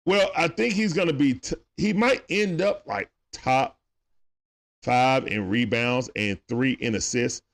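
A man's voice: mid-range voice, a little slow. A man with speech doing loose, chatty play-by-play on a livestream, talking back to players and viewers. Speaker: livestream game commentator. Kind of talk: casual play-by-play commentary.

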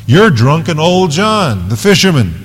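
A man's voice: on the high side, big pitch swings, a little slow, breathy edge, long reverb tail, exaggerated voice. A male pastor voicing a scornful landlord in a sermon story.

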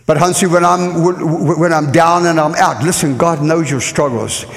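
A man preaching a lively sermon to a church congregation, leading call-and-response. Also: on the high side, moderate pace, gravelly. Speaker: guest preacher. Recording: echoey church hall.

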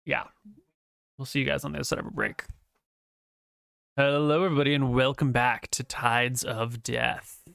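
A man's voice: medium pitch, fairly even intonation, normal speed, creaky, pauses often, a bit bright, no room sound. A man narrating a tabletop game as game master, talking loosely with fillers.

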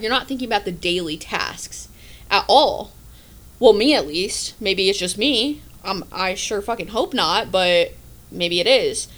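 A woman in her twenties hosting a casual solo podcast, talking in animated, rambling asides and swearing freely. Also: mid-range voice, measured pace. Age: 20s. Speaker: podcast host.

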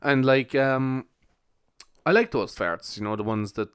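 A man's voice: mid-range voice, a little slow, clean tone, dry recording, clean studio sound. A young man hosting a casual solo podcast, rambling with lots of fillers and frequent laughs. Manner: rambling, laughs often, heavy use of fillers. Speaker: podcast host.

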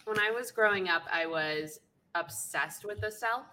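Bright-toned young woman, candid chat. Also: medium pitch, measured pace, slight background noise. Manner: relaxed, candid, mild swearing. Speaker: podcast co-host. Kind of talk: casual chat about a book.

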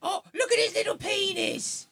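A man putting on a shrill, posh, mocking woman's voice in a screeching falsetto. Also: moderate pace, creaky, bright, forceful tone, slight background noise, exaggerated voice. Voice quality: shrieking falsetto.

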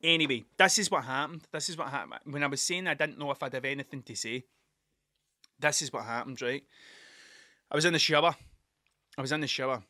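A man's voice: medium pitch, fairly quick, long pauses, sharp tone, no room sound, studio quality. A man with a Scottish accent, rambling and swearing through a casual solo podcast monologue. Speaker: podcast host.

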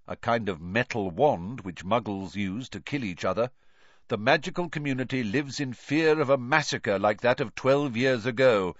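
A man's voice: mid-range voice, no echo. A man narrating a story aloud as an audiobook reader, on a dull lo-fi recording. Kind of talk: scripted narration.

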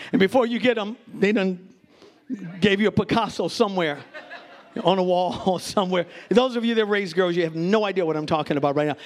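Preaching in church at a normal speed, a middle-aged man gives an energetic sermon in a very high voice. He addresses those in the pews head-on, breaks into frequent laughter, and builds up to shouts.

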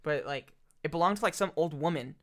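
A man talking casually in a chatty, rambling way, full of fillers and quick laughs. His voice sits a little high for a man. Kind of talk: casual chat.

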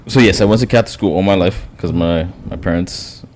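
A man's voice: deep voice, fairly quick, darkish tone, a little hiss or hum. A man in his thirties from New York, chatting casually on a podcast in a laid-back, rambling way. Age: 30s. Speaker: podcast co-host, guest telling his story.

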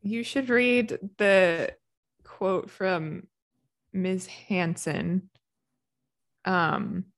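A woman's voice: lowish voice, extremely slow, long pauses. A woman co-hosting a podcast in casual chat, giggly and wry. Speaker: podcast co-host.

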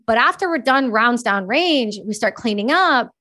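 A woman from Canada in her thirties, a podcast guest telling stories candidly and casually, swearing freely and talking quickly. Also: fairly high pitch, animated, bright, forceful tone. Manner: candid, profane, quick-talking, voices quoted people. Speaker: podcast guest, army veteran. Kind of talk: casual storytelling.

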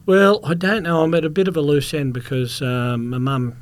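A man's voice: fairly high pitch, steady tone, moderate pace. A middle-aged Australian man, a former police officer and security contractor, telling rambling anecdotes as a podcast guest and coughing now and then. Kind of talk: casual storytelling interview.

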